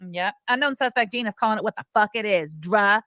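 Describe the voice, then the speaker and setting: A woman co-hosting a live stream, reading super chats in quick, giggly, profane chat. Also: medium pitch, expressive, sharp tone, dry recording.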